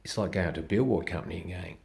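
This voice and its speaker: A man's voice: low-pitched, racing, vocal fry, a little mellow. A middle-aged man, a comedian vlogger, rambling bluntly in a casual rant and swearing constantly.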